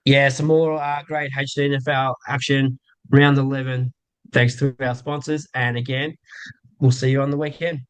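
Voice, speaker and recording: A man with an Australian accent co-hosting a sports show, telling a joke and signing off in a steady, measured way. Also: mid-range voice, clear, resonant tone, low-quality recording. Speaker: co-host.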